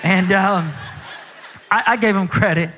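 High, bright-voiced preacher in a reverberant hall. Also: male voice, a little slow, a faint crowd, slight background noise. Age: 30s. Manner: animated, acts out quoted dialogue, pitch climbs with emotion. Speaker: guest preacher. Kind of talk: storytelling sermon. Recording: long reverb of a large hall.

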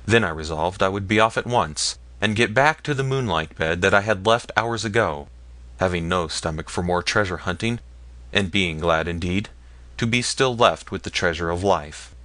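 Low-voiced male audiobook narrator. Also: moderate pace, fairly bright tone, no echo. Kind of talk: scripted narration.

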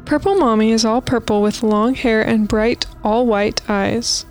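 Woman, podcast co-host, higher voice, casual, playful, reading spooky stories aloud, light music bed. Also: steady tone, a little slow. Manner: reads posts aloud with playful asides and laughs.

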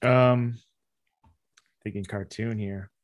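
A man's voice: fairly low pitch, fairly even intonation, slow, no room sound. A man co-hosting a comedy podcast, chatting hesitantly and joking along. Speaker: podcast co-host. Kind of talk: casual comedic chat.

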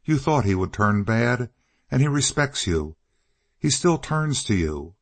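A man voicing an earnest, passionate young woman for an audiobook, pitching his voice higher and pleading insistently. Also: very animated, measured pace.

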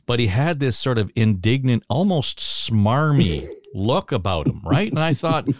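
A man moderating a political discussion, interjecting with his own expressive take. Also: mid-range voice, a little slow, no echo, studio quality.

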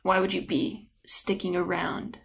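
A woman's voice: on the low side, little pitch movement, a little slow, vocal fry. A woman co-hosting a podcast, chatting casually with playful, rambling musings. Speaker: podcast co-host. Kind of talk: casual chat.

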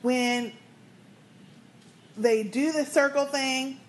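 Woman rambling thru a tv recap, kinda high voice, slight hiss behind. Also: steady tone. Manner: rambling, skips around, quick agreeing interjections. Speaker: podcast co-host. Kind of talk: casual TV recap chat.

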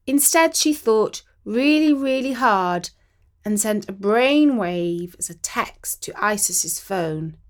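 A woman reading a children's story aloud in a slow, expressive way. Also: mid-range voice.

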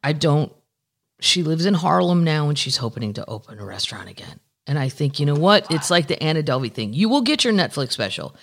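This podcast host's medium-pitched voice is very animated, brisk, and a bit bright. Reading news stories aloud, the host tosses in asides and swears often, keeping the conversation candid, profane, and meandering.

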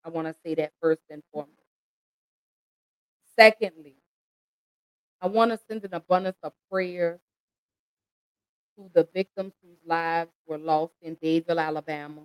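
A woman's voice: sits low, steady tone, normal speed, pauses often, clear, resonant tone, no room sound, low-quality recording. A woman hosting an emotional commentary, pleading and impassioned as she talks straight to her listeners. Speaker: host.

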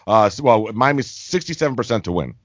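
A man at a middle pitch leads a relaxed sports conversation, asking questions and pushing the talk forward. His voice sits close and dry on the mic, with no room sound. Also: fairly quick, no room sound. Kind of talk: casual sports chat.

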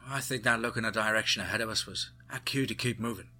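A man's voice: lowish voice, fast talker, bright, forceful tone, soft background music. A man voicing a tense female drone operator calling out clipped warnings over military radio comms in a spoken story. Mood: alert. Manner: urgent clipped radio calls.

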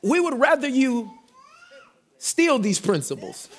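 A middle-aged man, a pastor preaching a sermon energetically, shouting call-and-response lines to his congregation. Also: very high-pitched, huge pitch swings, slow pace, slight background noise.

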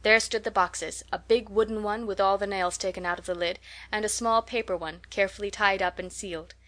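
A woman reading a classic children's novel aloud in a steady, gentle storytelling manner. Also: medium pitch, brisk. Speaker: audiobook reader. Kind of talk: scripted narration.

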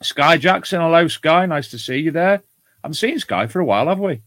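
A man's voice: fairly high pitch, expressive, brisk, fairly bright tone, no room sound. Casting note: English male co-host, joking banter, dry close sound. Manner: jokey, banters and reads out chat names. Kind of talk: casual podcast chat.

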